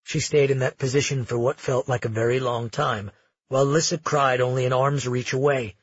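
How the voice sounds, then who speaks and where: A man narrating an audiobook in a measured, dramatic storytelling manner. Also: mid-range voice, steady tone, slightly rough, no echo, muffled recording.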